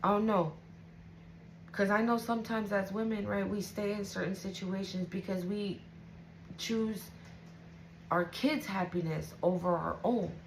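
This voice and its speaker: A woman talks a little slowly and pauses often, her mid-range voice fairly even, on a low-quality recording with slight background noise. As a tarot reader giving viewers an intuitive reading, she's casual, emotional and foul-mouthed, frequently asking "right?"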